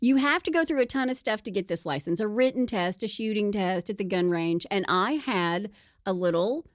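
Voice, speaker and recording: A woman's voice: medium pitch, expressive, moderate pace, no echo, clean studio sound. A woman co-hosting a podcast, telling a true crime story casually and acting out the quotes with playful voices.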